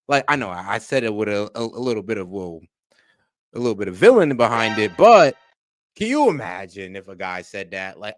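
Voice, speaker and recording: A man streaming casual reaction commentary, talking in lively slang and mimicking what he hears. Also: fairly low pitch, brisk, no echo, clean studio sound. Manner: animated slangy talk, mimics voices.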